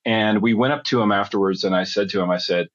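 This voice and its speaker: Low-voiced middle-aged man telling a long story. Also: fast, dull audio. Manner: rambling, chatty storyteller who backtracks. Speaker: guest. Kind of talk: storytelling in a podcast interview.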